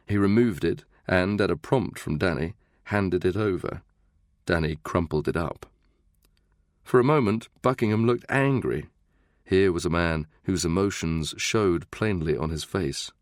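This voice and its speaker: A man narrating a thriller audiobook in a steady, measured reading. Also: sits low, no room sound, clean studio sound. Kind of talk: scripted narration.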